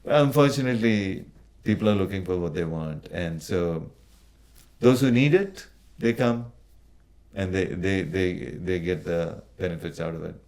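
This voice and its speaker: A man with an Indian accent, a podcast guest talking casually, often pausing and restarting. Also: low-pitched, darkish tone. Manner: hesitant, many restarts and fillers. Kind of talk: casual conversation.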